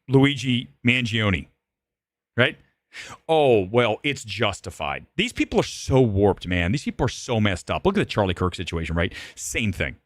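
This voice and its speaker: A man in his forties rants on a live movie show, his pitch leaping high and dropping low as he mocks and scolds. He is combative and sarcastic, swearing freely. The sound is dry and close, with no room around it. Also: a bit bright, dry recording. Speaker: livestream host. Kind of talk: profane live-stream rant.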